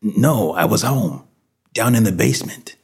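A man voicing a terrified male shopkeeper who shouts in a high, strained voice. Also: animated, moderate pace, slightly rough. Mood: shaken.

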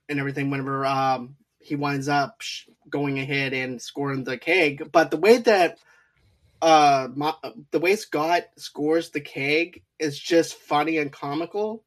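Man, fairly high voice, casual podcast co-host, rambling movie recap. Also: fairly even intonation, measured pace. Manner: rambling, acts out quotes from scenes.

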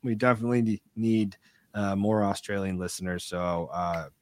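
A man's voice: fairly low pitch, little pitch movement, moderate pace. A man from Chicago co-hosting a sports podcast, chatting casually and reading out viewer comments. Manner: upbeat, reads out viewer comments. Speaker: podcast co-host. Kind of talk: casual chat.

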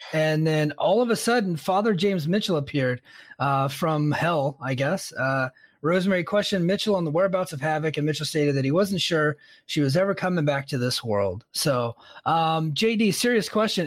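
A man's voice: fairly high pitch, lively intonation, normal speed, no echo. A man hosting a casual podcast chat, recapping in an easygoing way. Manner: easygoing recap, laughs often. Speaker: podcast host.

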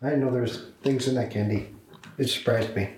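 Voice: mid-range voice, steady tone, fairly quick, darkish tone, slight background noise. Player in an echoey room. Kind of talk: casual tabletop play.

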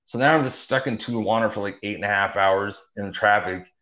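A man's voice: fairly low pitch, brisk, bright, forceful tone. A young man telling his story in a casual, rambling way, full of fillers and restarts. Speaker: interview guest. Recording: dull lo-fi audio.

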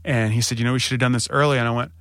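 A man in his thirties, a podcast co-host, telling a candid story and jumping up in pitch when he quotes himself. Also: rapid-fire, dry recording, clean studio sound. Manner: animated retelling, voice rising when quoting himself.

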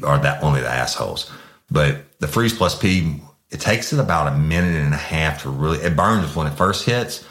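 Very deep-voiced blunt, profane man. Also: fairly bright tone, echoey room. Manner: profane, blunt anecdotal storytelling. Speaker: podcast host, former officer. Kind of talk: casual true-crime storytelling.

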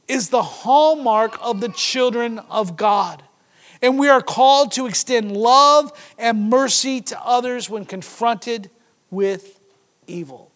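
Guy preaching a sermon, kinda high voice, gets loud then drops real quiet. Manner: dynamic, swinging from loud emphasis to hushed low delivery.

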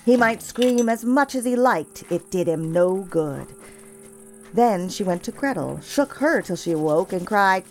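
Slow, expressive woman telling a fairy tale. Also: mid-range voice, soft background music. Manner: measured, expressive storytelling. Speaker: storyteller.

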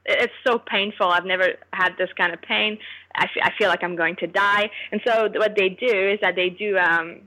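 A woman from Canada tells a story as a guest in a casual podcast chat. Her voice is bright and forward, with a middle pitch. She tells it in an animated way and often laughs as she goes. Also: moderate pace, rough recording.

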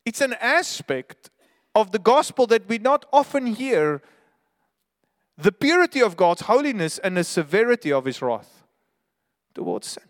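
A man's voice: high voice, very animated, a little slow, pauses often, big-room sound. A man preaching a sermon as pastor, earnest and emphatic, sometimes restarting his words.

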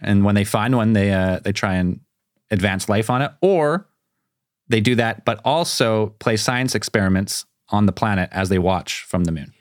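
A man's voice: fairly low pitch, no echo, clean studio sound. A man co-hosting a casual podcast, joking and spinning playful theories. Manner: playful, speculative, quick to joke. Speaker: podcast co-host.

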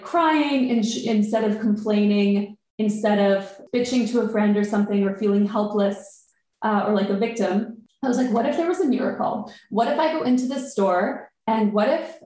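Animated woman in an echoey room. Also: mid-range voice. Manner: animated storytelling, quotes herself. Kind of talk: casual podcast chat.

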